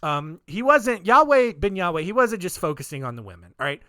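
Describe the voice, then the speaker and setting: A drunk male podcast host tells a crass story in a loose, rambling way, tripping over his own sentences. His voice jumps up and down with his excitement. The sound is dry and close-miked. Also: sits high, fairly quick, clean tone, no room sound. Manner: rambling, crass, restarts a lot. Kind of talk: comedic storytelling.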